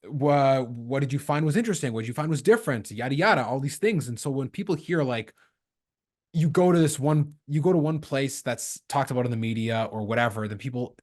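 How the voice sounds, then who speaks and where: A man from Canada hosting a podcast, telling lively stories in a casual chat and acting out the lines of the people in them. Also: mid-range voice, fairly quick. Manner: lively storyteller acting out quoted dialogue. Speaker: podcast host.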